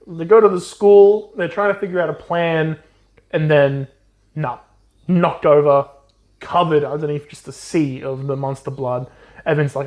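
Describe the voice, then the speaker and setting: A man co-hosting a podcast, casually retelling a children's book plot with swearing and quick silly voices for the characters. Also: on the high side, steady tone, a little mellow. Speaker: podcast co-host. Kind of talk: casual book recap chat.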